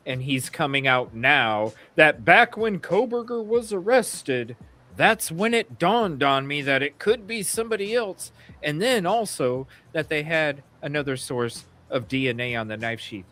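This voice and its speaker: A man's voice: mid-range voice, pushed and bright. A man co-hosting a casual true-crime talk show, blunt and opinionated, swearing freely and restarting his sentences as he rambles. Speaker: podcast co-host.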